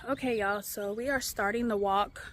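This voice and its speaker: In a noisy setting, a young woman chats casually to camera in a medium-pitched, fairly even voice at normal speed. She holds the phone or camera herself as she moves between home, the stairs and outdoors, addressing viewers as "y'all" and "child" and sometimes half-whispering to keep matters private.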